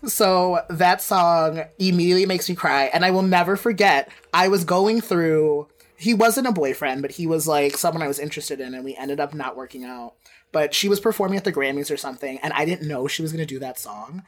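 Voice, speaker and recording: A woman co-hosting a podcast in casual chat, swearing freely and gushing in quick bursts. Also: low-pitched. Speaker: podcast co-host.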